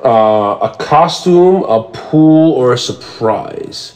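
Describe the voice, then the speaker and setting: A man's voice: mid-range voice, expressive, slow pace, darkish tone. Male podcast co-host, casual and hesitant, poses the questions. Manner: hesitant, lots of fillers and restarts. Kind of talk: casual chat.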